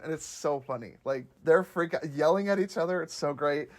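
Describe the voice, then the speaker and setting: A man's voice: a little fast, hardly any pauses. A man chatting casually about favorite episodes of a comedy series, enthusiastic, laughing often and acting out scenes. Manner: enthusiastic, laughing, acts out scenes in high voices. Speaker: show reviewer. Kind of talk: casual chat.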